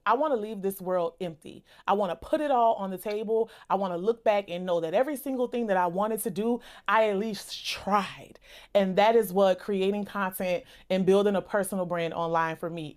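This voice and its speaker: Enthusiastic woman giving a motivational talk. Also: medium pitch. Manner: enthusiastic, emphatic, repetitive lists; casual, conversational asides. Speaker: content creator and host.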